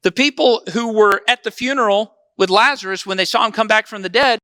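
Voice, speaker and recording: A man's voice: sits high, fairly quick, bright, forceful tone, no echo, clean studio sound. A man preaching a conversational sermon as pastor, often asking the congregation questions.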